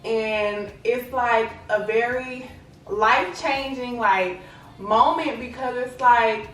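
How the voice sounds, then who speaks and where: A young woman from Lubbock, Texas vlogs casually to the camera, her fairly high voice slow and a bit bright, peppering her talk with "like" and "you know what I'm saying." The mic sits at a distance in an echoey room with faint ambience.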